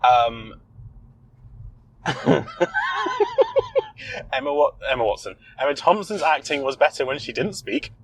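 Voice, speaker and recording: A man co-hosting a podcast from inside a car chats casually about a film he saw, chatty and prone to swearing when startled. His mid-range voice is animated, with a measured pace and long pauses, on a rough recording.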